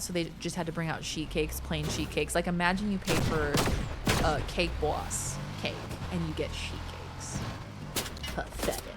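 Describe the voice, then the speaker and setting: A woman streaming a video game, chatting casually and rambling with animated, excitable outbursts. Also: deep voice, heavy background noise. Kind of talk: casual gaming stream chat.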